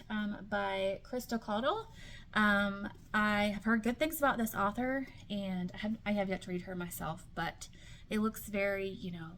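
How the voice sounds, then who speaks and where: A woman chats about her books in a loose, rambling way, full of ums and restarts. Her voice sits at a middling pitch. Faint room noise hums behind her. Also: sharp tone. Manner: chatty, many ums and restarts, light laughs. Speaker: book vlogger. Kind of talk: casual chat.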